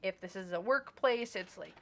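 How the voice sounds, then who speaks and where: Bright-voiced, emphatic young tarot reader. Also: female voice, medium pitch, normal speed, slight background noise. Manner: animated and emphatic, acts out little dialogues; casual and blunt, swears freely. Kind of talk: casual monthly tarot reading.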